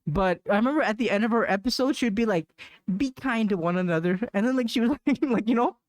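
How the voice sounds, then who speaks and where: A man's voice: very high voice, racing, no echo, studio quality. A man hosting a casual solo podcast, rambling with lots of fillers and restarts, slangy, and laughing at awkward moments. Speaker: podcast host.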